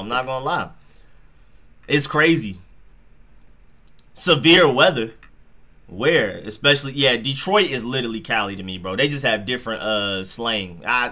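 A man's voice: fairly high pitch, sharp tone. A young man hosting a live football stream, chatting casually in slang and reacting to plays and chat messages. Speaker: sports live-stream host.

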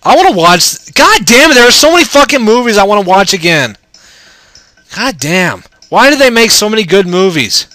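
A man's voice: sits high, sing-song, moderate pace, sharp tone, dry recording, soft background music. A man giving casual, rambling, profane commentary while playing through a video game. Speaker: let's play gamer.

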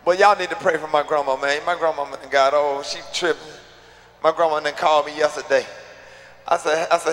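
A man's voice: fairly high pitch, steady tone, a little fast, a bit bright. A man doing live stand-up, telling profane stories in a loose, laid-back way. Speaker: stand-up comedian.

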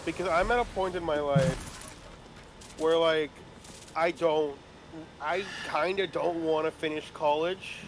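A young man chats with friends and tells a rambling story, stopping and restarting often. His voice sits high. A faint hiss runs under the recording. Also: measured pace, long pauses. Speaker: player telling a story. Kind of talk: casual chat among friends.

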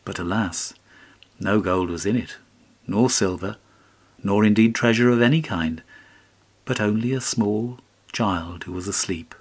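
A man reading a fairy tale aloud as an audiobook narrator, in a measured storytelling manner. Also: on the low side, slightly rough.

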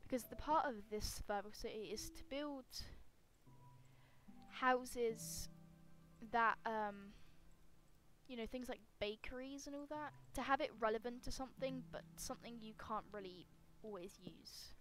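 A young woman with a slightly hoarse voice talking casually over her gameplay at home, rambling and self-mocking, with sudden loud squeals. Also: on the high side, a little slow. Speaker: gaming YouTuber.

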